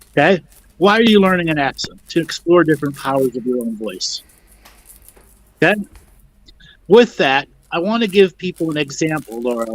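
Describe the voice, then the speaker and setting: A man's voice: fairly high pitch, poor audio. A man hosting a spiritual teaching talk, guiding the guests and checking in with "okay?". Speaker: host and teacher.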